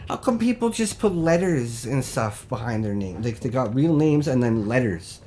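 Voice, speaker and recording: A man hosting a live call-in show, reading mock local news in a rambling, deadpan, jokey way that stumbles over words. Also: mid-range voice, moderate pace, hardly any pauses, a little hiss or hum.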